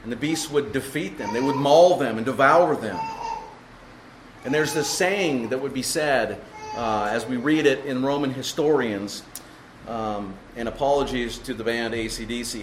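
A man's voice: mid-range voice, lively intonation, moderate pace, slight background noise. A man preaching an expository sermon, explaining the text emphatically and asking the congregation rhetorical questions. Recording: echoey room with faint ambience.

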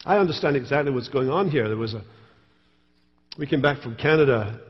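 A man's voice: mid-range voice, animated, a little fast, in a large hall, muffled recording. A man preaching a sermon as pastor, telling stories with wry humor. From Scotland. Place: church sanctuary.

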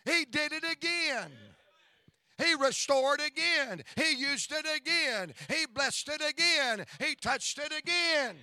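High-voiced revival preacher man. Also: expressive, slow pace, sharp tone, dry recording. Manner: call-and-response preaching, chanting repetition. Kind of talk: revival sermon. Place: church.

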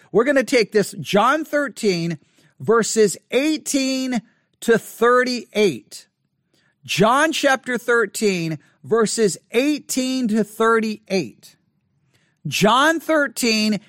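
A man teaching an informal online Bible study, earnest and repetitive, slowing down to repeat key references. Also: high voice, a bit bright, no room sound, studio quality. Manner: repetitive, earnest, restarts and emphatic slow repeats.

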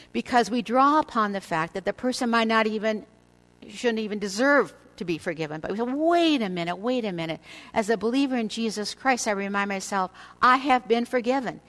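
An older woman delivers a devotional teaching to a women's audience. Her voice sits at a middle pitch, and her delivery is measured and earnest. She slows down on key words for emphasis. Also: fairly bright tone, rough recording.

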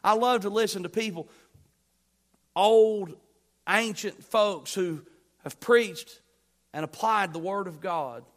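Emphatic high-voiced preacher man. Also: slow pace, long pauses. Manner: emphatic preacher, swings between loud bursts and quiet asides; asks the congregation questions. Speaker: pastor. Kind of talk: sermon.

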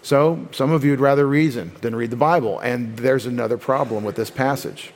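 A male pastor delivering a teaching sermon at a medium pitch. He talks things through in a plain, conversational way, often restarting a phrase and slipping into quoted voices to make his point. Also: fairly even intonation, a little fast.

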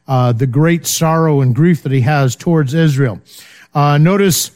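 Man, Bible lesson, slow deliberate delivery, slightly high voice, frequent pauses and check-ins. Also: a little mellow. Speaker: Bible teacher.

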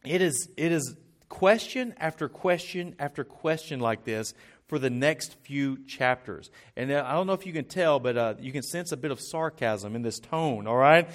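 A man's voice: mid-range voice, lively intonation, normal speed. A man preaching a sermon as a pastor, earnest and emphatic.

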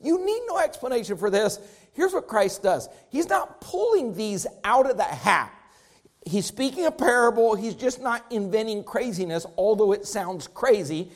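A man's voice: sits high, expressive, normal speed. A man preaching a sermon to his congregation, with an emphatic, rising and falling preaching cadence. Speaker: pastor.

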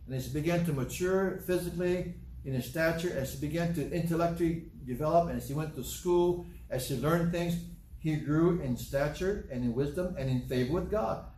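A man's voice: fairly high pitch, a little mellow, distant mic. An older man preaching a sermon in a church hall, telling stories with humorous asides and repeating his points. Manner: storytelling, repetitive, humorous asides. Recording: echoey room from afar.

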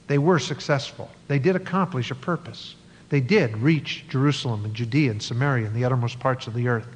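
A man's voice: medium pitch, slightly rough, long reverb tail. A man preaching an earnest evening sermon as pastor, stretching key words and building long lists, then closing in prayer. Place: church sanctuary.

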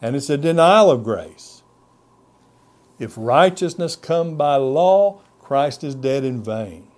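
Delivering a sermon, this male pastor recites scripture in old-fashioned phrasing, raising his pitch on important words and letting it fall at the close of each phrase. His delivery is animated and slow, and his tone is somewhat dark.

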